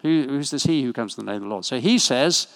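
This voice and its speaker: A man preaches in a church at a medium pitch, keeping his sermon conversational with friendly asides and small jokes. His voice carries a long reverb from the hall around him. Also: animated, fast talker, creaky.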